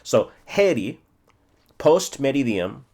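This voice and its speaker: A man in his forties teaching a self-study language lesson, thinking aloud, checking himself and repeating phrases slowly. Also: mid-range voice, very animated, darkish tone. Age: 40s.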